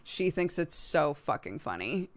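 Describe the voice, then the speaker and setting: A woman's voice: sits low, sing-song, a little slow. A woman streamer chatting casually with viewers, laughing easily and swearing now and then. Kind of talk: casual chat answering viewer questions.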